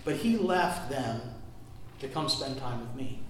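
A man's voice: medium pitch, expressive, measured pace, a bit bright, slight background noise. A man preaching a sermon as a pastor, telling a personal story in a conversational way and asking the congregation questions. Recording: very echoey hall from far off.

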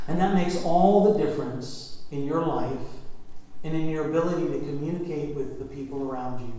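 Pastor guy in his 50s preaching, talks to the people like a chat, loud echo all around, bit of hiss. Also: fairly high pitch, normal speed. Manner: conversational preaching with asides and questions to the congregation. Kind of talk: sermon. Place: church sanctuary. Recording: very echoey church room.

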